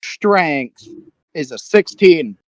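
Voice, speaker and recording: Higher-voiced man playing a tabletop game. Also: lively intonation, slow, no echo. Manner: hesitant, with fillers and laughs. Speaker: player. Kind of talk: casual tabletop play.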